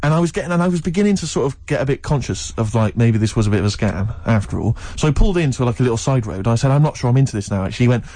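A young man telling a lively story in casual chat, laughing often and acting out the voices of the people in it. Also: mid-range voice, very fast, few pauses, dry recording. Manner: animated, laughing often, acts out quoted voices. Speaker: storyteller guest.

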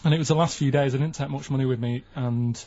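A man's voice: medium pitch, fairly even intonation, fast, mellow, highs cut off. Plain-spoken man telling stories. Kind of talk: casual chat.

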